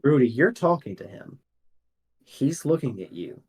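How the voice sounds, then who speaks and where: A man narrating as game master of a tabletop role-playing game, measured and descriptive. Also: mid-range voice, sing-song, a little mellow, breathy edge.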